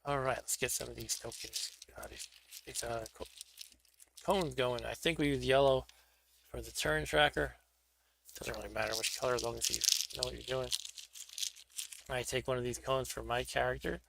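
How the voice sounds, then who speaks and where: A man's voice: medium pitch, fairly even intonation, normal speed, creaky, long pauses, noisy background. A man hosting a board game stream, chatting casually and thinking aloud as he sets up pieces for a solo game. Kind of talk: casual solo play-through commentary.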